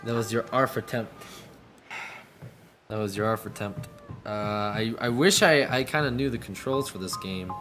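A man's voice: on the low side, moderate pace, long pauses. A man playing a video game on stream, confused by the controls and swearing in frustration. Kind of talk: casual gaming stream banter. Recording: game music playing behind.

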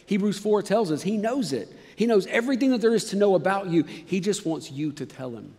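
A male pastor giving a sermon in a conversational, emphatic way, dropping suddenly quiet at times. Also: high-pitched, lively intonation, a little fast, long reverb tail. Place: church sanctuary.

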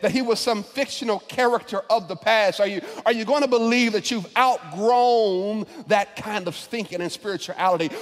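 A preaching pastor with a strikingly high voice, heard in a large church where his words ring with a long reverb. He restarts phrases and repeats words as he builds momentum, then rises to shouted peaks. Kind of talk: sermon.

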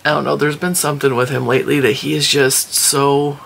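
A woman's voice: sits low, flat delivery, a little fast, vocal fry, a little hiss or hum. A woman vlogger chatting casually to the camera at home, telling family stories with lots of laughter, tired and yawning. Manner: chatty storyteller, laughs often. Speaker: crochet vlogger.

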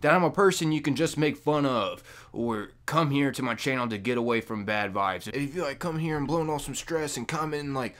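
A young man making a casual gaming vlog into a microphone, loose and jokey, with loud high-pitched bursts when he mocks people. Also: fairly quick, hardly any pauses. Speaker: gaming YouTuber. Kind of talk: casual talking-to-camera vlog. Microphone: desk microphone.

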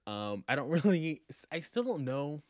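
A man recapping a book for his vlog in a casual, animated, sassy way, acting out quotes as he goes. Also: on the high side, moderate pace, no room sound, clean studio sound. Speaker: book vlogger.

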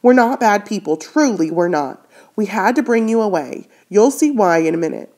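A woman's voice: mid-range voice, animated, normal speed, a little mellow, lightly acted. A woman reading aloud voices a kindly, flustered farm mother who pleads breathlessly and tries to soothe a frightened child. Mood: pleading.

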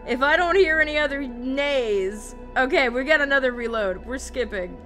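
Brief: woman streamer, bright voice, unhurried delivery, blunt and profane, light game music underneath. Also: high voice. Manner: frustrated, swearing, repeats herself. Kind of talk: live gameplay streaming.

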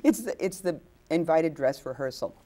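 A woman's voice: low voice, animated, moderate pace, mellow. A woman guest actress telling stories in a hesitant way, full of fillers and restarts, acting out the quotes. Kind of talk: anecdotal storytelling. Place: inn overlooking the ocean.

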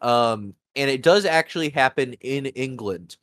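A man hosting a casual wrestling podcast, talking in halting bursts with lots of fillers. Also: medium pitch, expressive, a bit bright, no room sound, studio quality. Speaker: podcast host. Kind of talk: casual chat.

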